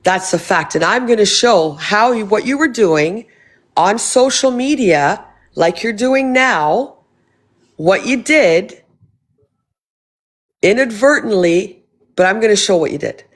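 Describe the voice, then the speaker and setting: A woman's voice: mid-range voice, expressive, slow pace, pauses often. Angry, swearing woman host. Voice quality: angry, profane, confrontational. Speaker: live stream host. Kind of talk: heated live-stream confrontation.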